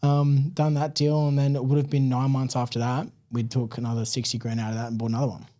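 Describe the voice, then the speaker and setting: An Australian man talking easily as a podcast guest, sharing a long personal story. His voice is mellow and warm, and his talk runs loose and chatty, full of "like" and "man". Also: mid-range voice, fast talker. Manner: relaxed, chatty, many fillers like "man" and "like". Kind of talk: casual interview storytelling.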